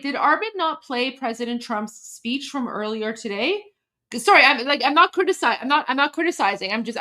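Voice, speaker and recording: A woman from Iran chatting on a casual livestream, emotional and halting, with many restarts and repetitions. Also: a little high, pushed and bright. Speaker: livestream host.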